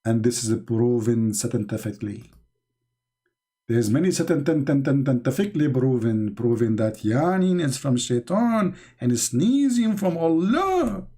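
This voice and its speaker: A man's voice: mid-range voice, lively intonation, measured pace, dark tone, breathy edge. A man from the Middle East with an Arabic accent, a native Arabic speaker, hosting a live stream and mocking comments from the chat with sarcasm. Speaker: online show host.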